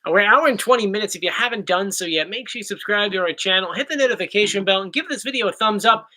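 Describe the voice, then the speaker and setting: A man's voice: high-pitched, fast, bright, forceful tone. A man hosting a casual question-and-answer video, joking around playfully and often slipping into put-on accents. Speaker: YouTube host. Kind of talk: casual Q&A chat.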